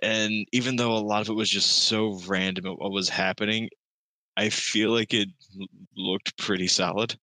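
A man with a low but bright, forceful voice chats on a podcast. He hesitates at times and slips in dry quips. The recording is dry and close. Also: steady tone, moderate pace, dry recording. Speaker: podcast co-host. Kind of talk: casual chat.

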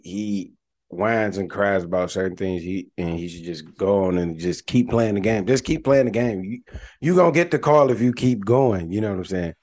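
Deep-voiced, laid-back male co-host. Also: a little mellow. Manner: laid-back, rambling, slangy. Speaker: podcast co-host. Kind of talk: casual podcast chat.

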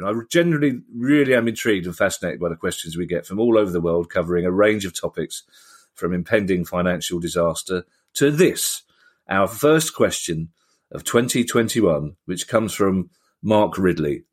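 A man hosting a podcast, talking in a wry, playful way with theatrical asides. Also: low voice. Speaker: podcast host. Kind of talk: casual chat.

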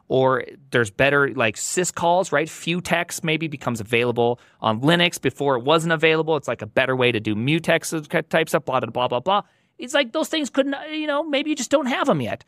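A man as a podcast guest, a software engineer talking through opinions in animated, emphatic, rambling chat. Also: medium pitch, no room sound, studio quality. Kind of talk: casual opinionated tech chat.

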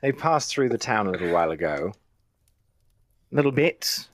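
A man's voice: fairly low pitch, very animated, moderate pace, dry recording. A man playing an eccentric male dragonborn sorcerer in a tabletop game, talking in a chatty, genteel manner. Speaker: player voicing a dragonborn sorcerer. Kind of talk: tabletop role-play in character.

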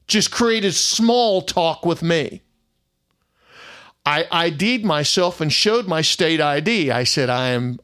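A man's voice: a little high, fairly bright tone. A middle-aged man, a private investigator telling an indignant story in a casual monologue and acting out the other people's lines.

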